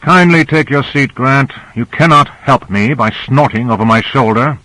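A man's voice: mid-range voice, normal speed, pushed and bright, no room sound, voice pushed up, rough recording. A male narrator voicing Duval, a brusque, arrogant surgeon who gives curt commands. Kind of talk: audiobook character reading.

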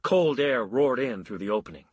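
A man narrating a story in a wry, measured way. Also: medium pitch, expressive, darkish tone, breathy edge, no echo.

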